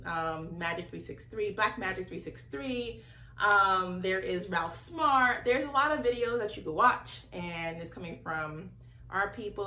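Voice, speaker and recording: A woman speaks to camera in a loose, rambling way, circling back and restarting her thoughts. Her voice sits at an ordinary pitch for a woman. The room adds a clear echo, with a faint hiss underneath. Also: fairly bright tone. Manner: rambling, chatty, self-correcting. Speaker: spiritual vlogger. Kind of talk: casual monologue to camera.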